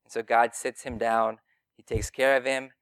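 Guy preaching a sermon, chatty and earnest, smooth voice, dry close sound. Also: medium pitch, flat delivery, normal speed, a bit bright, dry recording. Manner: earnest, plain-spoken, addresses listeners directly. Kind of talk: conversational sermon.

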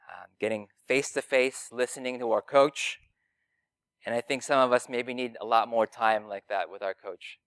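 A man's voice: fairly low pitch, gravelly, a bit bright, clear, resonant tone, no echo. A man preaching a conversational sermon, earnest and plain-spoken, talking directly to his listeners.

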